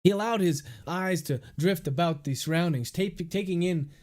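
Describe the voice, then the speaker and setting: A male author reads his novel aloud as dictation, and he names each comma, period and paragraph break. His voice sits a little high. The delivery is steady and methodical. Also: normal speed.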